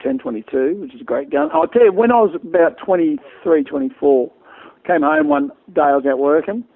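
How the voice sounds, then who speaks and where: A middle-aged Australian man rambles through his stories as an interview guest and restarts his sentences often. His voice is gravelly and a bit high, and he talks fast. The sound is thin, like a phone line. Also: big pitch swings. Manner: rambling, storytelling, many restarts. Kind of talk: casual interview chat.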